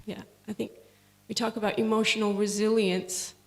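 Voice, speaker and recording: A woman in a class audience offering a soft-spoken, thoughtful comment. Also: medium pitch, flat delivery, moderate pace. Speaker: audience member. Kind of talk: comment from the floor. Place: temple hall.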